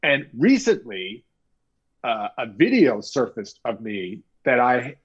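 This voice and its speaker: Husky-voiced man telling lively anecdotes. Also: medium pitch, slow, lo-fi sound. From Canada. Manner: animated anecdotes with quoted voices. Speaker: guest author. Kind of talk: storytelling interview talk.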